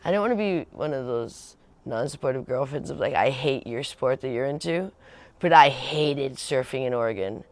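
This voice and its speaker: A woman hosts a livestream from home, chatting casually and rambling, laughing a lot and acting out the voices of people she quotes. Her voice is extremely low and expressive, at a normal speed, with a little hiss or hum in the audio.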